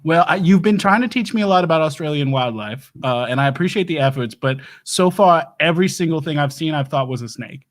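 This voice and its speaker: A man's voice: a little high, expressive, a little fast, hardly any pauses, close to an everyday voice. A man playing a flustered doomsday prepper. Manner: stammering, flustered, backpedalling. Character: doomsday prep lecturer, bumbling Southern American husband. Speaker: host. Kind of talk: improv comedy livestream.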